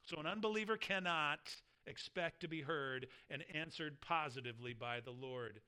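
Bright-voiced man preaching earnestly. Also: on the high side, normal speed, clean tone. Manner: earnest expository preaching, reading scripture aloud with emphasis. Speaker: pastor. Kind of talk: sermon.

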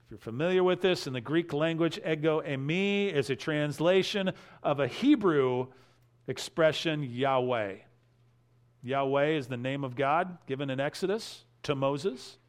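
A man preaching a sermon, working through scripture verse by verse and rising in emphasis on key phrases. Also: on the high side. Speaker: pastor.

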